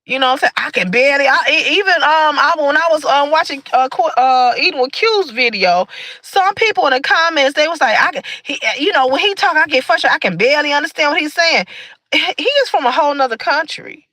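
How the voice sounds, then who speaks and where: High, bright-voiced woman preaching to her chat. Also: lively intonation, brisk, no room sound, rough recording. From Michigan. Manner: earnest and preachy, greeting chat viewers. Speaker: livestream host. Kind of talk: casual livestream talk.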